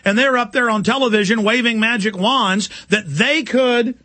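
A man's voice: extremely high pitch, moderate pace, bright, forceful tone, dry recording. A man delivering an impassioned, indignant talk radio monologue as the show's host.

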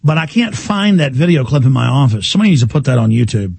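A man hosting a talk radio show, ranting loudly and combatively with sarcasm. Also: medium pitch, expressive, quick pace, creaky, husky, dry recording.

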